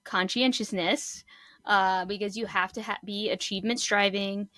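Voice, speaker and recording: Woman, psychologist co-host, calm explanatory tone, mid pitch, dry close sound. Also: normal speed, no room sound. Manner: calm and explanatory, many ums and short backchannels. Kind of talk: explaining psychology in casual chat.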